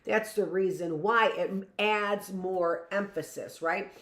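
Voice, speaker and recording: A middle-aged woman teacher giving a live reading lesson to young children, slow and emphatic, repeating key phrases and checking in with "right?". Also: mid-range voice, fairly bright tone, reverberant.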